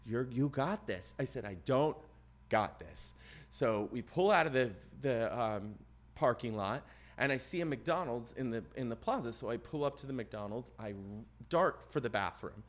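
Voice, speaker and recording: A man's voice: mid-range voice, moderate pace. A man co-hosting a podcast, telling a long personal story in casual chat and acting out the other people in it. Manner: animated, voices other people and gets loud at the climax. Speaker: podcast co-host.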